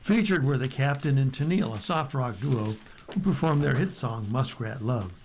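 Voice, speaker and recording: A man with an American accent reading newspaper stories aloud for a radio reading service, steady and unhurried with light asides. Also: medium pitch, slight background noise, poor audio.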